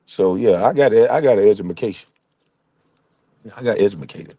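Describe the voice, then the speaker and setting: A man's voice: lowish voice, fairly quick, slightly rough, dry recording. A middle-aged man telling funny, profane stories as he reacts to chat, laughing often. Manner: laughing, profane, animated storyteller. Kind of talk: casual profane storytelling.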